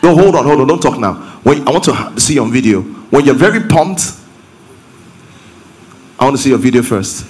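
Lively Nigerian pastor preaching. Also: male voice, medium pitch, a little fast, pauses often. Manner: lively, rising to emphatic preaching. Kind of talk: interactive sermon.

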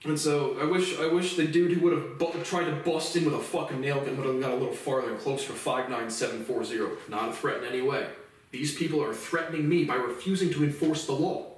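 A man's voice: mid-range voice, fairly even intonation, fast talker. Heated young man in a very echoey room. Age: 20s. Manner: profane, heated, repetitive restarts. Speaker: vlogger. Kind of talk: angry monologue rant. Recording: very echoey room, voice far from mic.

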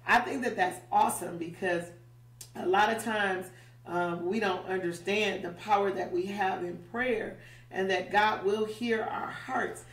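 A woman's voice: medium pitch, steady tone, a little slow. Woman bible teacher, chatty, keeps asking "right?", echoey and far from the mic. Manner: conversational, checks in often with "right?". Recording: roomy, distant mic.

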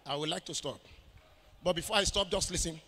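A man with a Nigerian accent preaching a sermon as pastor, pausing on questions for the congregation to answer and shouting out declarations. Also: sits high, noisy background. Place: church. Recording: echoey church hall.

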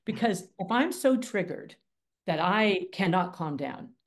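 A woman with a fairly low voice speaks as an interview guest, emphatic and punchy. She drives her points home with blunt, energetic phrasing and a lively, conversational manner. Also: a little slow. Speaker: mediator and attorney, guest. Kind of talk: casual interview talk.

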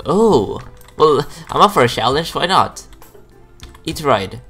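A young man gives excited, giggly commentary as he plays a video game. His pitch jumps all over, and soft background music plays under his voice. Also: slow, husky. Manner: excitable, giggly, exclaims often. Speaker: gaming video host. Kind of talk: casual gameplay commentary.

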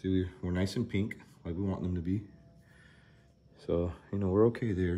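A man vlogging outdoors on a small farm, chatty and worried, thinking out loud as he walks around. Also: sits low, steady tone, normal speed, pauses often. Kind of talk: casual vlog commentary.

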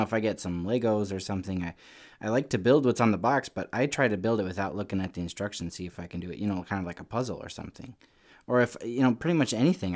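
A young man teaching a children's Sunday school lesson, telling a story in a casual, lively way. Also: lowish voice. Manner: casual, storytelling to kids, animated.

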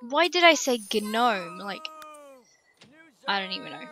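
A woman's voice: a little high, animated, normal speed, pushed and bright, a little hiss or hum, rough recording. A woman casually commenting on her life-simulation game, gushing over the characters and chatting to them. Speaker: let's play host.

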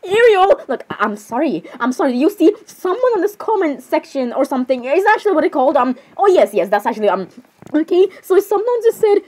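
A woman chatting in character while reacting to a video, giggling often and apologizing between excited outbursts. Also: high voice, fast, rough recording. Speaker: role-play reaction streamer.

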